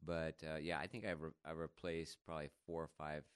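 A man telling a funny story in casual chat, laughing often and jumping higher when he quotes people. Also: fairly quick, smooth, dry recording, clean studio sound. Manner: animated, laughs often, jumps to higher pitch for quoted voices.

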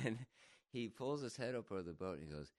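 A man telling a funny story in casual chat, laughing often and jumping higher when he quotes people. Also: brisk, dry recording, studio quality. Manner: animated, laughs often, jumps to higher pitch for quoted voices.

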